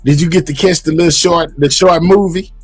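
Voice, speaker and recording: A man hosts a livestream with easygoing, slangy chatter, his voice sitting a little high. The sound is close and dry, with no room echo around it. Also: fairly even intonation, a little fast, husky, faint music behind. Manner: laid-back, slangy, chatty. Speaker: livestream host. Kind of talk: casual chat.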